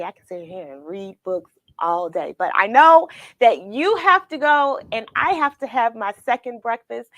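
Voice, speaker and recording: A woman's voice: fairly high pitch, fairly bright tone, dry recording. A woman hosting a children's read-along livestream, talking tenderly and emotionally to viewers she calls friends. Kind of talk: casual livestream chat after reading.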